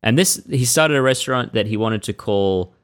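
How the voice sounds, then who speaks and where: A man hosting a podcast, retelling a story in relaxed, casual conversation. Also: medium pitch, moderate pace, no echo. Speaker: podcast host telling the story. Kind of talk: casual chat.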